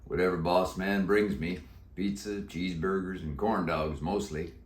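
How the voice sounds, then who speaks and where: A man voicing a slow, folksy old cowboy zombie with a deep, croaky drawl in a storybook read-aloud. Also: fairly even intonation, natural voice. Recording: echoey room.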